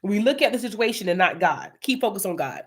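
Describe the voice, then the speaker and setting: A woman's voice: medium pitch, lively intonation, fast talker, slightly rough. A young woman leading an informal Bible study, chatty and casual, telling personal testimony.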